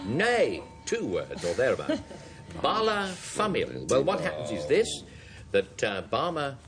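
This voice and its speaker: A man hosting a panel word game, with measured, drawn-out phrasing. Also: mid-range voice, wildly swooping pitch, a loud crowd. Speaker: quiz show host. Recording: studio audience and hiss behind. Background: studio audience.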